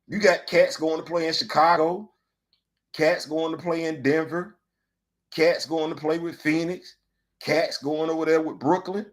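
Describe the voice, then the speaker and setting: A man hosting a show, giving casual opinion commentary with animated rhetorical questions and colloquial talk. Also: fairly high pitch, a little slow. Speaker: host.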